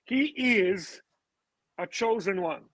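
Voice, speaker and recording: High-voiced teasing man on a livestream. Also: lively intonation, slow, fairly bright tone, no echo. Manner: playful, teasing. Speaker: livestream co-host. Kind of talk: casual livestream chat.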